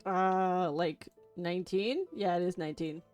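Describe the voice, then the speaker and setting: A woman player in casual tabletop banter, speaking in a low-key, deadpan way. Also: a little slow, soft background music.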